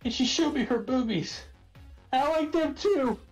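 A man doing an impression of a dim, earnest young man, talking in a high, whiny, halting voice. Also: faint music behind, rough recording. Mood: bashful.

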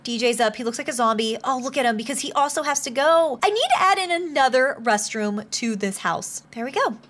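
A woman's voice: sits high, a bit bright. A young woman chatting through her life-sim game as its commentator, fussing over her characters and gasping often. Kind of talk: playful Sims gameplay commentary.

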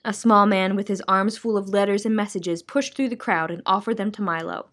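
A woman library storyteller reading a children's book aloud in a clear, measured, expressive way. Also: medium pitch.

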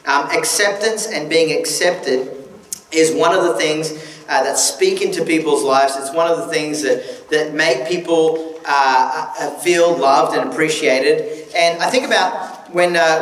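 A man with a somewhat high voice gives a relaxed, joking sermon, often restarting his sentences. He sounds a little distant from the mic, in a church hall with a long echo and faint background noise. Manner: conversational, joking, with frequent restarts. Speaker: guest preacher.

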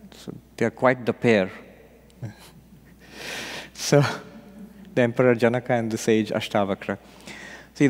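A man, a monk and spiritual teacher, giving an unhurried meditation retreat talk with gentle storytelling and light humor. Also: mid-range voice. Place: retreat hall. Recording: long hall reverb.

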